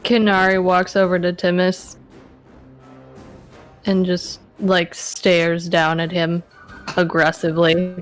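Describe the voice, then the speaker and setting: A woman playing in a tabletop game, describing her character's actions in an unhurried, drawn-out way. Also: fairly low pitch, level tone, soft background music. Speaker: player.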